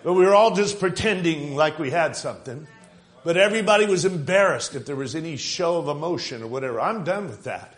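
A man preaching a fervent sermon, retelling stories and building to loud exclamations. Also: on the high side, lively intonation, brisk. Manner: fervent, rising to shouts, quoting and laughing.

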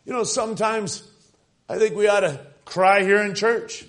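A man's voice: high-pitched, fairly even intonation, moderate pace, fairly bright tone. An older man preaching a revival sermon, swelling with fervor and acting out quoted voices.

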